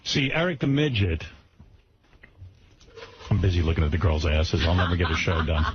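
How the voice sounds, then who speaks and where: A man's voice: deep voice, big pitch swings, normal speed, dull audio, heavy background noise. A man hosting a radio show, chatting and teasing in a wry, casual way. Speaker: radio host.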